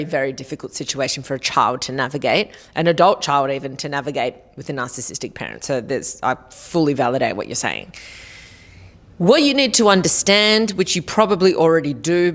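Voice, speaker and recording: A woman hosting a podcast, giving blunt, casual advice with plenty of swearing and sarcasm. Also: low voice. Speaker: podcast host answering listener questions.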